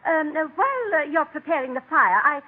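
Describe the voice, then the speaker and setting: A woman's voice: high voice, very animated, fairly quick. An actress playing a refined, genteel society lady, gushing and hesitant, in a 1940s radio comedy. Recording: old radio broadcast, lo-fi and noisy.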